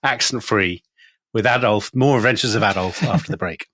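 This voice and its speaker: A man co-hosting a podcast, prompting his partner and teasing him with quick quips. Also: fairly low pitch. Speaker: podcast co-host. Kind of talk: casual history chat.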